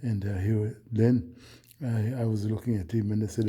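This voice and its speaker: A man from Oman, recounting a dream in a hesitant, earnest way, with many pauses and restarts. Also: fairly low pitch, little pitch movement, dark tone, breathy edge. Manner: earnest, solemn. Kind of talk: unscripted personal account.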